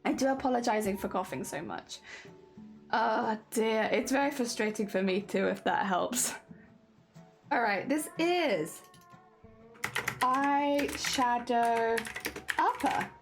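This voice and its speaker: A young woman streamer rigs a vtuber model in casual live-stream talk, chatty and slightly congested, with a lively, swooping delivery and some coughing. Her voice is a little high and slow with frequent pauses, and faint music plays behind her. She talks herself through each step and greets viewers.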